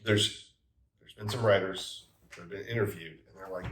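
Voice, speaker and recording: Man with a lowish voice, roomy distant mic. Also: moderate pace, a bit bright, a little hiss or hum. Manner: emphatic, advice-giving. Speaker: tabletop game master. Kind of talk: casual roundtable chat.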